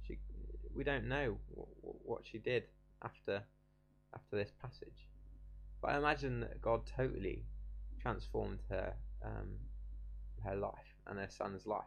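A young man giving an informal devotional talk, casual and halting with many restarts. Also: on the low side, gravelly, dull audio. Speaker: preacher.

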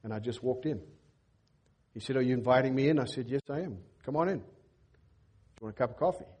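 Middle-aged male pastor, husky and mellow, animated sermon storyteller in church. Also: fairly quick. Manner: animated storyteller, acts out dialogue with lifted pitch.

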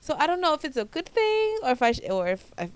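A woman in her twenties from the United States, hosting her own podcast in a casual, animated chat with frequent restarts. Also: sits high, fast, no echo. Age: 20s. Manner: chatty, animated, repeats herself and restarts often. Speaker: podcast host.

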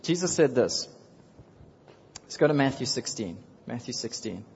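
A man's voice: mid-range voice, big pitch swings, normal speed, vocal fry, darkish tone, a little hiss or hum. A man preaching a sermon to his congregation in a conversational way, repeating phrases, chuckling and speaking directly to the listeners. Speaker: pastor. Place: church sanctuary with congregation. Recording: dull sound with long hall reverb.

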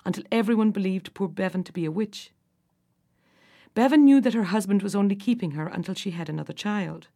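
Expressive woman reading a fairy tale. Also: medium pitch, creaky. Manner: expressive, rises and falls with the drama. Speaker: storybook narrator. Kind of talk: scripted narration of a fairy tale.

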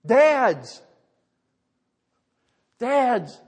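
High-voiced preacher with dramatic emphasis. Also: male voice, very animated, extremely slow, breathy edge. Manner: dramatic, emphatic storytelling with rhetorical questions. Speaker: pastor. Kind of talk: sermon. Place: church sanctuary. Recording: reverberant church hall.

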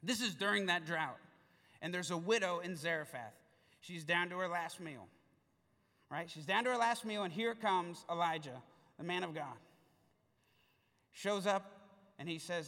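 Preaching at a moderate pace, a high-voiced pastor tells a story playfully and with energy during a sermon. His voice carries through a big church hall, sounding bright, with a long echo fading after each line.

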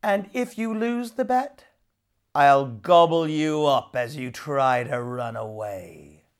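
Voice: medium pitch, lively intonation, slow pace. A storyteller voicing a boastful male water demon who roars, laughs and gloats, in a storybook read-aloud. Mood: menacing. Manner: loud, roaring laughter and gloating threats.

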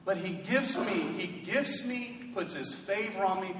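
A male pastor delivers a sermon with a notably high voice, rising into loud, fervent emphasis and slipping in humorous asides. The mic sits some way off, so his words carry a long, roomy echo of a church hall with a faint hum of ambience underneath. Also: lively intonation, a little slow. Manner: preachy, builds to loud emphatic bursts. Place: church sanctuary. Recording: echoey hall from a distant mic.

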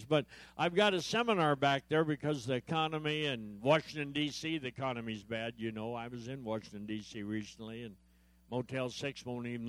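A man's voice: mid-range voice, dry recording. A male guest preacher giving a humorous sermon at a church service. He tells jokes, acts out the dialogue in his stories and calls out to the audience for responses. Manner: joke-telling storyteller, acts out dialogue.

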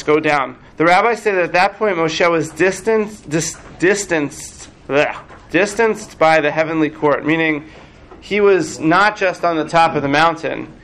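A man, a rabbi, teaching a text class in a chatty, animated way with asides. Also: a little high, creaky, low-quality recording.

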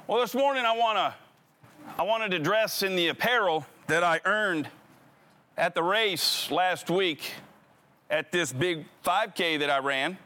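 A man's voice: high-pitched, a little slow, sharp tone. A middle-aged man, a pastor telling a funny personal story in a sermon and acting out the dialogue. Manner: humorous, acts out the dialogue.

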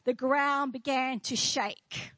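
A woman's voice: sits high, steady tone, slow pace, fairly bright tone, no echo, poor audio. A woman pastor preaching a sermon in church, declaring and asking the congregation questions.

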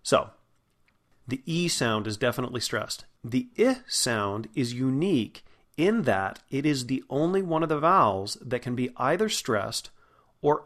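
A man explains English vowel sounds in the steady, patient way of a diction teacher. His pitch sits in an ordinary middle range. He slows down and draws out sounds to demonstrate them. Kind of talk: spoken vowel lesson.

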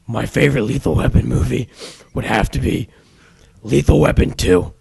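A man voicing an enraged, abusive older man who snarls insults and shouts threats. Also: medium pitch, moderate pace, heavily acted. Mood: flat. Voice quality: gravelly, raspy. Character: rageful abusive older man yelling threats at his partner.

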